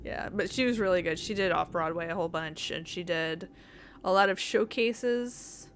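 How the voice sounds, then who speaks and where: A woman's voice: on the low side, moderate pace, a little hiss or hum. A woman streaming a game, chatting casually with viewers in a rambling, giggly way. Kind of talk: casual live-stream chat.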